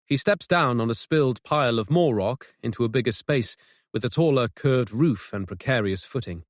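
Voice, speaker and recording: A man narrating a mystery audiobook in a measured, suspenseful way, on a close studio mic. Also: medium pitch, lively intonation, no echo. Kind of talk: scripted narration.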